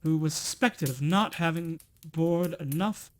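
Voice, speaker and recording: Male reader, slightly high voice; expressive storybook narration with small self-corrections. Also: measured pace. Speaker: streamer reading aloud. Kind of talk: storybook reading aloud.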